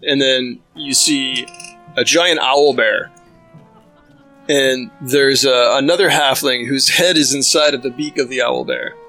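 A man's voice: medium pitch, expressive, a little slow, pushed and bright, soft background music, rough recording. A man narrating a tabletop game as game master, describing scenes loosely with many fillers.

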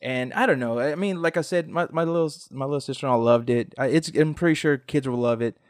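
A man's voice: medium pitch, quick pace, no echo, studio quality. A young man co-hosting a casual podcast chat, rambling with restarts and mimicked quotes. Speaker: podcast co-host.

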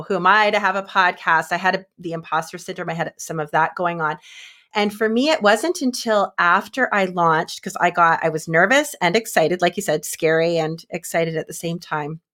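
A woman's voice: on the low side, a bit bright. A woman hosting a podcast interview, encouraging her guest in a casual chatty way full of fillers. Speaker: podcast host and coach.

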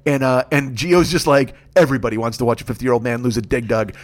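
A man's voice: mid-range voice, fairly even intonation, quick pace. A man in his fifties, a podcast host telling a rambling, profane comic story and acting out the people in it. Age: 50s. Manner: acts out quoted voices. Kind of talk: solo comedic storytelling.

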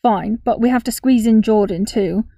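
A woman's voice: on the high side, normal speed, mellow, no room sound, studio quality, recorded from a distance. A woman voicing a reluctant, sheepish teenage boy who talks without enthusiasm. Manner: unenthusiastic, sheepish.

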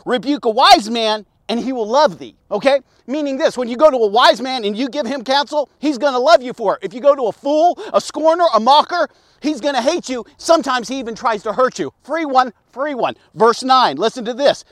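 Brief: middle-aged male preacher, very high voice, dry close mic, keeps asking "okay?". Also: a little fast, no room sound. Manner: energetic, punctuates with "okay?"; acts out biblical speakers in a raised voice. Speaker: devotional podcast host. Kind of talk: informal devotional preaching.

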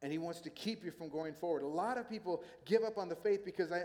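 A man preaching a sermon as a pastor, in a conversational, animated storytelling manner. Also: sits high, fast talker, hardly any pauses. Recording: long hall reverb.

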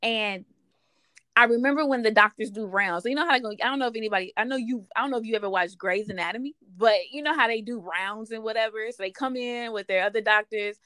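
A woman's voice: a little high, fast talker, a bit bright, dry recording. A woman asking questions in a casual conversation, recounting her own experience with lots of fillers and restarts. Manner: emotional storytelling with frequent fillers.

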